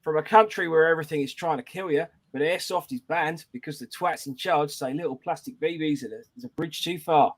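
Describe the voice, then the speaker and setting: British bloke putting on a bad australian accent, raised pitch, rising line ends, reading out a review. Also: male voice, a little fast, hardly any pauses, lightly acted. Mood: mock cheerful. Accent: bad put-on Australian. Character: man doing a clumsy Australian reviewer accent.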